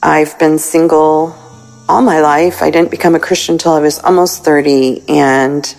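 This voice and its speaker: A woman in her sixties calling in to a prayer line, earnest and halting as she prays aloud. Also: sits low, fairly even intonation, creaky, darkish tone, faint music behind, poor audio. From United States. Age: 60s. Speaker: caller. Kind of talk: recorded prayer call-in message.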